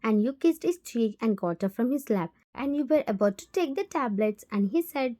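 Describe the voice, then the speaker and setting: A woman narrating a fan fiction story in the second person, in a plain, steady voiceover. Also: on the high side, moderate pace.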